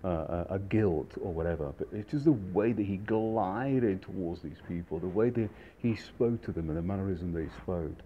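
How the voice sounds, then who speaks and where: A man's voice: sits low, expressive, normal speed, few pauses, muffled recording, slight background noise. A middle-aged man casually telling a rambling anecdote with many fillers and restarts. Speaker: storyteller, restaurant industry veteran.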